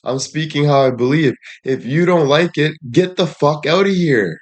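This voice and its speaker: A man's voice: on the high side, lively intonation, moderate pace. A man livestreaming and addressing his chat in a heated rant, frustrated, swearing often and repeating himself.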